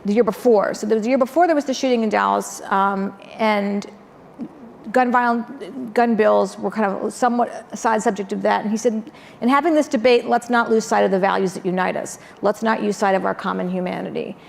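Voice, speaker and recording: A woman with a gravelly, creaky voice moderates a stage panel and winds her questions along with frequent ums. Her voice rings with long hall reverb over a faint hiss. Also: mid-range voice, steady tone, a little fast. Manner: meandering questions full of ums.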